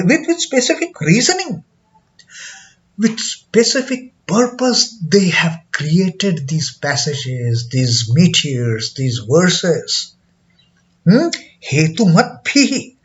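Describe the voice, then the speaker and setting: Slow, animated man teaching scripture. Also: high voice. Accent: Indian English. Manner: hesitant, many fillers and repeats, chants verses slowly. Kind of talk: explaining a scripture lesson. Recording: dull lo-fi recording.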